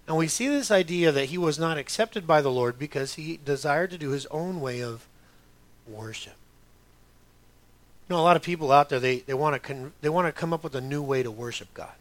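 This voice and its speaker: A man's voice: a little high, a little fast. A middle-aged man preaching a sermon as a pastor, talking conversationally with joking asides and putting on other voices.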